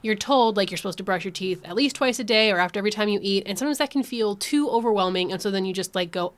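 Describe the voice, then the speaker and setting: A woman's voice: mid-range voice, quick pace, hardly any pauses. A woman co-hosting a podcast in casual chat, teasing her partner and giving advice with emphasis. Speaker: podcast co-host.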